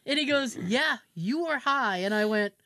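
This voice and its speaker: Animated podcast host woman, lively pitch. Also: moderate pace, a little hiss or hum. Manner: animated storytelling, acts out quotes, laughs often, swears. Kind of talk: casual chat.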